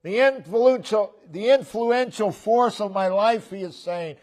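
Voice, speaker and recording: A man preaching a sermon as pastor in a church, repeating key phrases with emphasis and letting phrase ends fall to a low murmur. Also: measured pace, a little mellow. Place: church sanctuary.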